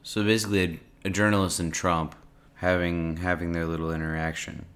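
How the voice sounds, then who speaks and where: A man's voice: low voice, little pitch movement, fairly quick, a bit bright. A man co-hosting a casual podcast chat, talking hesitantly with lots of likes and restarts. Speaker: podcast co-host. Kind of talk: casual chat, reading a transcript aloud.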